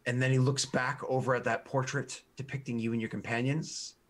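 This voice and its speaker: Husky-voiced man running a tabletop game. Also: medium pitch, little pitch movement, brisk. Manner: rambling, many restarts and fillers. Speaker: game master.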